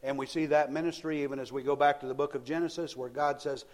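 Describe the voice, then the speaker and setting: Guy preaching a sermon, kinda high voice, tells it like a story, keeps repeating words. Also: steady tone, fast talker, hardly any pauses.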